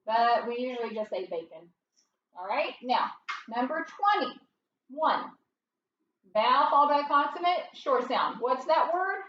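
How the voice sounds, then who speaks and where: A middle-aged woman teaches first grade phonics, spelling out each step in a patient, unhurried way. Her voice sits high, and she sounds distant, with room echo and a dull tone. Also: a bit bright, a little hiss or hum. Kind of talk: phonics lesson. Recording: roomy, distant, dull home recording.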